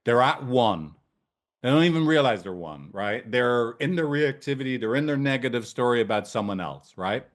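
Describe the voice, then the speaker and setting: A man's voice: medium pitch, expressive, normal speed. A man, a couples therapist and trainer, teaching in a casual, blunt way, swearing freely and often checking in with "right?". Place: training room with whiteboard.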